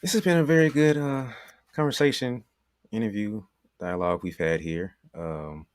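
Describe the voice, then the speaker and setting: Deep-voiced male podcast host. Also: moderate pace, no room sound, studio quality. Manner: relaxed, searching for words. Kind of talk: casual interview.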